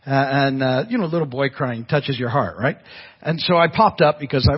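A man's voice: medium pitch, a little fast, husky. An older man preaching a sermon as pastor, telling folksy stories with frequent restarts. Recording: dull lo-fi church audio.

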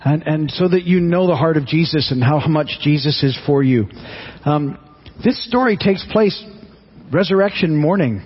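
A man's voice: fairly high pitch, expressive, moderate pace, breathy edge, dull audio. A man preaching a sermon in an earnest, conversational way, often restarting and repeating his words. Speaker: pastor.

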